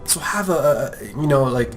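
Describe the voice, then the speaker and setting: Expressive and mid-range, this young American man speaks at normal speed while drawing, talking casually about art and his name as an art podcast host. He rambles and jokes, often slipping into impressions of other people.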